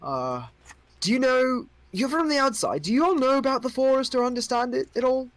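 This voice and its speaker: A man's voice: very high-pitched, lively intonation, a little fast, a bit bright, no room sound, pitched above the performer's own voice. A man voicing a young, cheerful fae king who is a little tipsy and rambles in a friendly way as he welcomes guests in a tabletop game. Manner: rambling, friendly, stumbles over words. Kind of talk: tabletop role-play voice.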